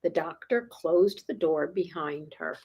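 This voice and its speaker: This woman speaks on the low side at a measured pace, her voice husky and darkish with vocal fry. Reading a picture book to small kids at storytime, she chuckles playfully and often checks in with questions.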